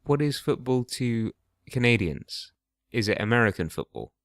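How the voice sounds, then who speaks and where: A man's voice: mid-range voice, animated, moderate pace, fairly bright tone, no echo. A young British man co-hosting a podcast, dry and curious, asking playful questions. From Britain. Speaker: podcast co-host. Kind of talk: casual chat.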